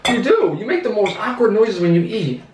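A man's voice: sits high, sing-song, fairly quick. A man at home, teasing and lecturing his partner in casual chat. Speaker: vlogger's partner. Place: home, indoors. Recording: echoey room, faint noise.

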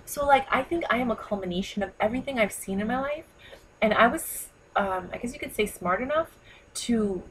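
A woman in her thirties from New York, talking to camera in a chatty, animated way, full of "you know" and "like.". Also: on the high side, fairly quick, slight background noise, rough recording. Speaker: vlogger giving speaking advice. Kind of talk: casual talk to camera.

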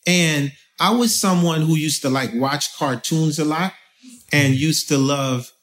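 A man from Haiti talking as an interview guest, telling stories in a loose, animated way with lots of fillers. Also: a little high, a little slow. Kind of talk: casual conversation.

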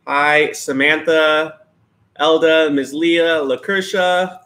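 A man's voice: a little high, fairly even intonation, slow pace, pushed and bright. Chatty man co-hosting a live food stream. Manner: chatty, teasing, greets viewers by name. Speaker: mukbang live-stream co-host. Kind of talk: casual live-stream chat while eating. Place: indoors, lights dimmed behind.

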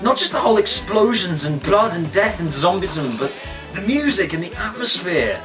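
A man's voice: high-pitched, very animated, moderate pace, recorded from a distance, over music. A man giving a comic video review in a mock-dramatic way, breaking into exaggerated outbursts. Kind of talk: comic commentary.

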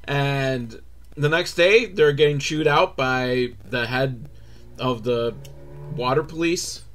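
A man hosting a comedic movie recap, rambling and sarcastic, acting out characters in squeaky voices. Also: takes it slowly, a bit bright.

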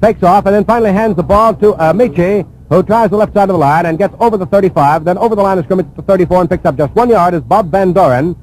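A man giving live radio play-by-play of a football game, calling each play in a brisk, steady flow. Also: high voice, a little hiss or hum, low-quality recording. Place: press box at a stadium.

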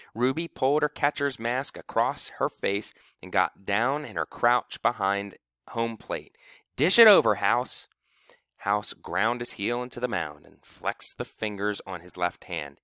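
A man narrating a novel with expressive storytelling. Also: on the low side, no room sound, clean studio sound. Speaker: audiobook narrator. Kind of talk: scripted narration.

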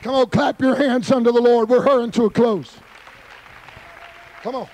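A man preaching a fervent Pentecostal sermon at a youth camp service and shouting in bursts. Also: very high-pitched, steady tone, moderate pace, a faint crowd.

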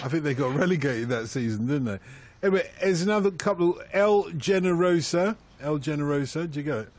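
A man's voice: on the high side, expressive, quick pace, darkish tone, dry recording. Playful man hosting a radio phone-in. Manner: playful, laughs at his own puns. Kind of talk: radio phone-in chat, reading listener messages.

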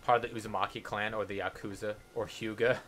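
A man's voice: fairly low pitch, level tone, quick pace, a bit bright. A young man giving casual, joking commentary over his game playthrough, sarcastic and profane. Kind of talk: casual let's-play commentary.

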